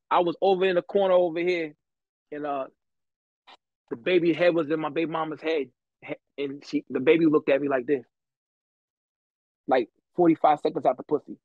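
A man's voice: fairly high pitch, no echo, narrow, tinny audio. A man on a podcast telling stories from his life in casual, slangy, profane talk, laughing often. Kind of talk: casual chat, storytelling.

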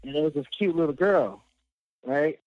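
A man's voice: fairly high pitch, normal speed, no echo. Man telling a rambling story, dull recording. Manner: rambling, many fillers, laughs at own story. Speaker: guest. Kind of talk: casual storytelling. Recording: dull lo-fi dry sound.

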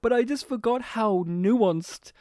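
A man in casual chat, talking fast and animatedly, laughing often and swearing casually. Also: very high-pitched, a little mellow, no echo, studio quality. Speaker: podcast co-host discussing a film.

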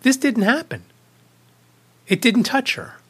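Bright-voiced man telling a casual story. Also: very high-pitched, slow, slightly rough. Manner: conversational, rambling anecdotes with small restarts. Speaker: podcast host.

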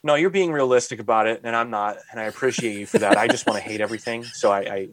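A man hosting a podcast, ranting with animated exasperation and saying "like" constantly. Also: lowish voice, fast talker, no room sound. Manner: animated ranting, heavy use of "like"; exasperated, mocking. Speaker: podcast host. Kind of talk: casual podcast chat.

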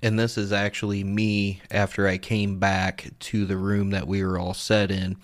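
A man's voice: low voice, completely flat delivery, moderate pace. A young man narrating his own ghost-hunting clips in a casual, blunt, profane way. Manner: blunt, profane, laughs at himself. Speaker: paranormal vlog host.

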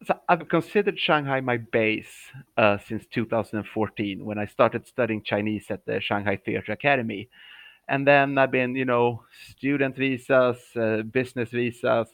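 Man, 30s, cheerful, laughs easily, medium pitch, dry remote-call sound. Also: normal speed, a bit bright, no echo, rough recording. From Sweden. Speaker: professional clown, guest.

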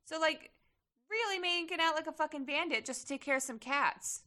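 A young woman co-hosts a podcast in casual chat, her voice high, a little fast, pushed and bright. She rambles with plenty of fillers and swears now and then.

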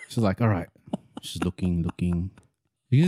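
A man's voice: deep voice, measured pace, long pauses, dry recording, clean studio sound. A young adult man, telling a story in casual podcast chat, swearing freely and acting out the voices of people in it. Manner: animated, acts out quoted voices.

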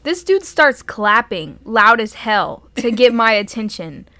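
Bright-voiced young woman telling stories. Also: on the high side, very animated, measured pace, no echo. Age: young adult. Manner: profane, exasperated storytelling with frequent laughs. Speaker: podcast co-host. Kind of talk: casual storytelling chat.

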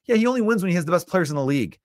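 A man's voice: high voice, animated, rapid-fire, a little mellow, no echo, clean studio sound. A man from Chicago, a comedian hosting his own podcast, ranting emphatically and with strong opinions. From Chicago, USA. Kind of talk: solo podcast rant.

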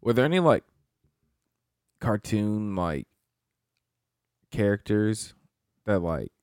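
A man's voice: fairly low pitch, sing-song, slow, a little mellow, clear, resonant tone, dry recording. Dry, joking male podcast co-host. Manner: joking, laughing, loose. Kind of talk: crude casual banter.

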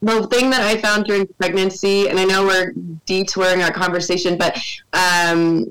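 A woman's voice: medium pitch, flat delivery, moderate pace, a bit bright, smooth, low-quality recording. A woman and mother talking candidly in a casual conversation, venting in a frank, rambling, profane way. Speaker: podcast conversation partner, mother.

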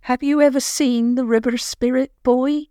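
A woman's voice: sits high, steady tone, normal speed, dark tone, smooth, no room sound, pitched above the performer's own voice, natural voice. A blunt, grumbling old village woman, as an older storyteller puts her on, speaking abruptly in a raised voice. The sound is close and dry, with no room around it. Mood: gruff. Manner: grunting, abrupt, irritated.

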